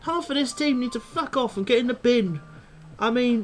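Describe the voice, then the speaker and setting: Very high-pitched and animated, a young man who vlogs as a football fan rants angrily after a match at a moderate pace. He swears a lot and speaks bluntly, with faint music behind him.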